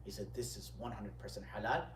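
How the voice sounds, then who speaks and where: A man teaching a religious gathering, telling stories with lively retelling, quoting Arabic lines and then translating them. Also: lowish voice, a little fast, a little hiss or hum. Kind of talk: storytelling lecture. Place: indoor gathering room. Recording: echoey room, distant mic.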